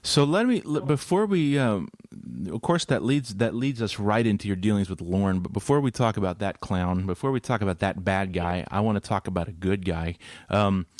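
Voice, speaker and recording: A man's voice: on the low side, moderate pace, a little mellow, dry recording, clean studio sound. A man hosting an interview, talking in an earnest, rambling way with asides. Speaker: host. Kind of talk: podcast interview.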